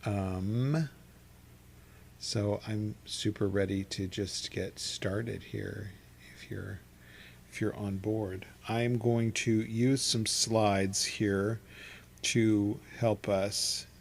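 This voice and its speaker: A man leading a meditation and chanting class from his home studio, talking in a relaxed, rambling way with soft laughs and restarts. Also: lowish voice, extremely slow, gravelly. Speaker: meditation teacher. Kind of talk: guided chanting instruction. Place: home studio with an open window.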